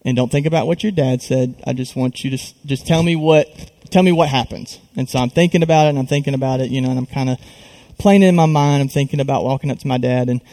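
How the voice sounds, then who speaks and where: A young man telling an earnest, halting personal testimony on a live stream, full of restarts and fillers. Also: mid-range voice, dark tone.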